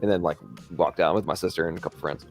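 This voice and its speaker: Deep-voiced American man, rambling host. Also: steady tone, fast talker, faint music behind. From England. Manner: rambling, tags lines with "right?". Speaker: live stream host. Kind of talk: casual chat, storytelling.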